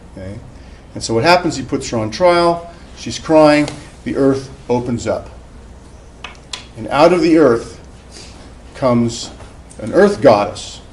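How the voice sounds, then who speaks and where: A man's voice: mid-range voice, animated, unhurried, pauses often, a little hiss or hum, rough recording. A man giving a classroom lecture, telling a story in a conversational way with many fillers and restarts. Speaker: professor.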